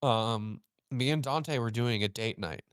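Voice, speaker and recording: A man's voice: a little slow, clean tone, dry recording, clean studio sound. A young man hosting a casual chat, telling a story and acting out both sides of the dialogue. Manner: animated, acts out quoted dialogue with pitch jumps. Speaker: host.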